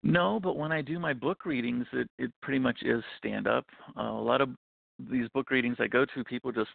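A man's voice: mid-range voice, brisk, gravelly, no echo. A man in his thirties, a guest author, talks in a jokey, rambling way during an interview. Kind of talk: interview over the phone. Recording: tinny phone line.

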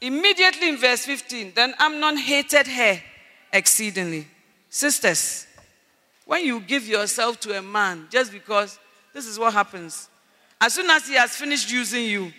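A man preaching a sermon at a conference, speaking emphatically, shouting at his peaks and calling out for Amen. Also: very high-pitched. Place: large conference hall. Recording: echoey hall reverb.

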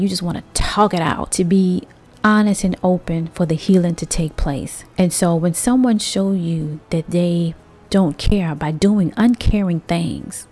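A woman hosting a motivational monologue, talking conversationally to her listeners with drawn-out emphasis and rhetorical asides. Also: on the low side, mellow. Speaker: host.

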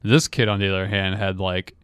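A man's voice: low-pitched, level tone, fairly quick, fairly bright tone, smooth, dry recording, clean studio sound. A man co-hosting a podcast who tells a rambling, laugh-filled story in casual chat. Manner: rambling, laughs often, many restarts. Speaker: podcast co-host.

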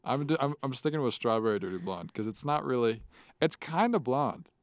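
A man's voice: medium pitch, very animated, a little fast, no echo. A young man hosts a podcast in a loose, teasing way, laughing often and filling his talk with little words. His voice sits in an ordinary middle range, heard dry and close. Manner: laughs often, playful and teasing, lots of fillers. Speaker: podcast host. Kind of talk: casual chat.

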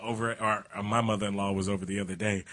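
A man's voice: fairly low pitch, flat delivery, very fast, fairly bright tone. A man co-hosting a podcast, bantering in a casual, profane, joking way. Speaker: podcast co-host. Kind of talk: casual chat.

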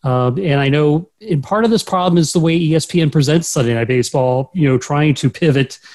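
A man's voice: fairly high pitch, brisk, darkish tone. A man hosting casual sports talk, chatty as he leads the segments. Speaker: podcast host.

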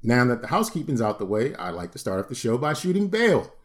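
A man's voice: medium pitch, sing-song, fast. A man in his forties co-hosting a podcast, joking and rambling in a playful, casual way. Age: 40s. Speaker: podcast co-host.

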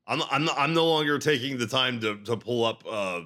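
A man co-hosting a casual film podcast, talking in a wry, offhand way with frequent swearing and restarts. His pitch sits in the middle but swings widely. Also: animated, normal speed, sharp tone. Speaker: podcast co-host.

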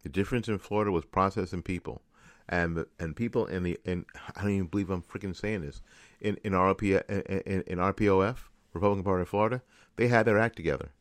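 A man's voice: low-pitched, fast talker, dry recording, clean studio sound. A man hosting a political commentary show, ranting in an angry, frustrated monologue with lots of repetition. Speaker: radio host.

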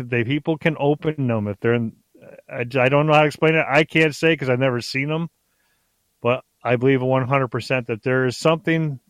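A man's voice: medium pitch, clear, resonant tone, no echo. Rambling middle-aged man telling a story. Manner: rambling, restarts sentences, excitable. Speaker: guest. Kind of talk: casual storytelling on a podcast.

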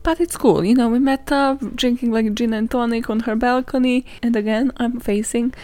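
A young woman hosting a podcast, telling stories in a casual, sweary, animated way and laughing often. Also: a little high, normal speed, no room sound, faint music behind. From not British, lives in London. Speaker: podcast host. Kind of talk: casual chatty storytelling.

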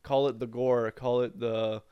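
A man co-hosting a casual podcast about fighting games, animated and sarcastic, swearing freely. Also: medium pitch, measured pace, clean tone, no echo, muffled recording. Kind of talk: casual gaming chat.

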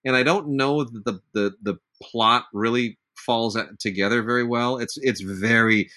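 A man's voice: medium pitch, moderate pace, pushed and bright. A middle-aged man co-hosting a casual film discussion, talking in an enthusiastic, knowledgeable way and dropping names. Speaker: podcast co-host.

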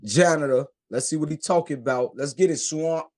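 A man with a high-pitched voice hosts a casual live stream, talking fast and loose in heavy slang. He sounds excitable and hyped, reacting loudly between tracks. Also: a little hiss or hum. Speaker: show host reacting to rap tracks.

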